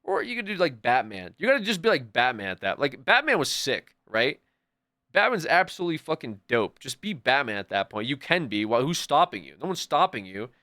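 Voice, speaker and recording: A young man streaming, chatting casually in a rambling, excitable and profane way. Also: medium pitch, a little fast, no echo, studio quality. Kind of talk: casual chat.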